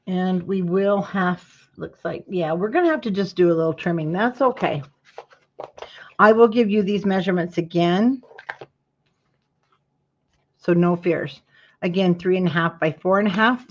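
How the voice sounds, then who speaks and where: A woman's voice: fairly low pitch, normal speed, dull audio. A woman hosting a live craft tutorial, chatting to her viewers while she works and yawning now and then. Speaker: craft class host.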